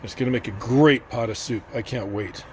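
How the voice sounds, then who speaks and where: A man's voice: mid-range voice, fairly quick, a little hiss or hum. A man hosting a casual cooking vlog, chatty and rambling with lots of fillers. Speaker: cooking channel host. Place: outdoors at a barbecue.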